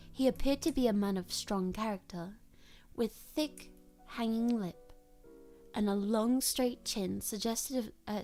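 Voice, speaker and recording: A woman streamer reading a classic story aloud in a relaxed way, stopping now and then to correct a slip. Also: medium pitch. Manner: relaxed, stumbles and corrects herself.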